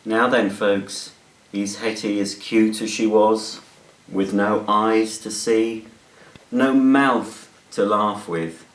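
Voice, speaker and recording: A man's voice: fairly low pitch, steady tone, slow pace. A man giving a chatty, playful product demonstration with jokey asides. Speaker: product reviewer. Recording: roomy echo.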